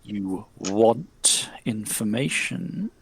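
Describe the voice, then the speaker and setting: A man voicing an eerie spirit that speaks slowly and low, with a honeyed tone. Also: lively intonation, creaky, a little hiss or hum, heavily acted. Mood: menacing. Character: shimmering genderless spirit, slow, honeyed and eerie.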